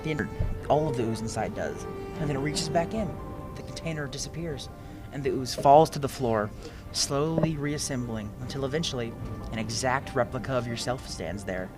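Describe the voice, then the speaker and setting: A man narrating as game master of a tabletop game, lively and correcting himself as he goes. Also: mid-range voice, normal speed. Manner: lively, with restarts. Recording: music under the voice.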